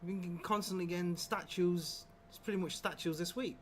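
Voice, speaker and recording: A relaxed man co-hosting a casual live stream, chatty and easygoing. His voice sits slightly high. A faint low rumble runs in the background. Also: normal speed. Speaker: livestream co-host.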